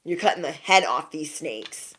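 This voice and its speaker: A woman's voice: low voice, lively intonation, normal speed, a bit bright, slight background noise. A young woman doing a casual spiritual card reading, chatty and laughing often as she talks to her viewers. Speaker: tarot reader.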